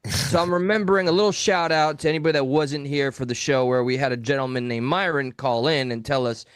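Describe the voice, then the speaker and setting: Male co-host, mid pitch, crisp dry studio sound, profane and blunt storyteller. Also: quick pace, no room sound. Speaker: podcast co-host. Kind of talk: casual live talk show storytelling.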